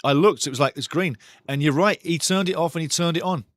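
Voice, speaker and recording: A man hosting a live football watchalong, calling the match excitedly and reading chat messages aloud. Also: on the high side, fast talker, dry recording, studio quality. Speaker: watchalong host. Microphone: studio mic.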